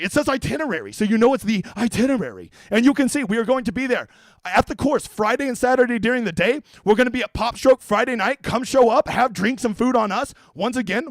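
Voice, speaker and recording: A man's voice: very high voice, a bit bright, dry recording, poor audio. A man streaming about fantasy golf, brash and profane, out of breath. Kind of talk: hyped comedic stream talk.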